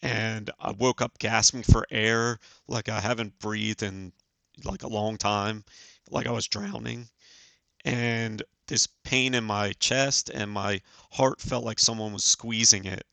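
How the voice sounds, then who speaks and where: A man in his forties, a podcast guest, telling a personal story in an earnest, halting way with many fillers. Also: lowish voice, gravelly, sharp tone, no room sound. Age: 40s. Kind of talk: casual storytelling.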